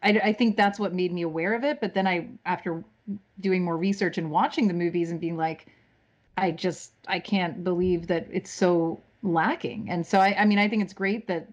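A woman's voice: lowish voice, steady tone, moderate pace. Chatty woman on lo-fi audio. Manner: chatty, laughs often, tells stories with quoted asides. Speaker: actress guest. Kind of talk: casual podcast chat.

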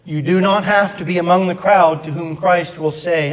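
A man's voice: high voice, steady tone, moderate pace, long reverb tail. A man preaching a sermon to his congregation, earnest, with wry asides. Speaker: pastor. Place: church sanctuary.

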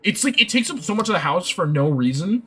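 Excitable young man rambling on stream. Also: high voice, quick pace. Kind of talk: casual live-stream gaming chat.

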